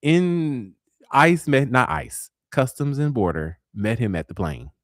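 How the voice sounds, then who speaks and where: A man's voice: medium pitch, expressive, a little slow. A talk show host in his forties spins his dating stories with sass. His voice swings up and down with animation as he acts out each exchange. The recording sounds dry and close, with no room echo. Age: 40s. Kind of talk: casual storytelling.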